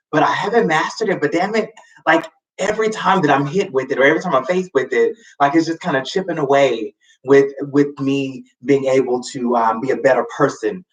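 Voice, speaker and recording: A man hosting a live show tells a personal story casually and expressively, dropping sassy asides and swooping suddenly high for emphasis. The mic sounds roomy and a little distant.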